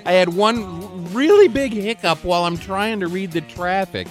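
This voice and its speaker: A man's voice: high-pitched, expressive, moderate pace, faint music behind. A man co-hosting a casual talk show, chatty and easygoing. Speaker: co-host. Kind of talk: casual chat.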